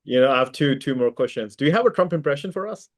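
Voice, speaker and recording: A man's voice: mid-range voice, animated, fast. A man interviewing a guest, asking questions with many fillers and restarts.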